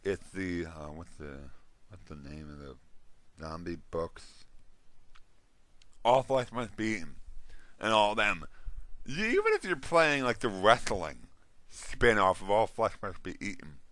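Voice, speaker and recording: Low, bright-voiced man rambling about games. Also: very animated, measured pace, long pauses. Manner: rambling, with restarts and yawns. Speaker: host. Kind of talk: casual monologue on role-playing games.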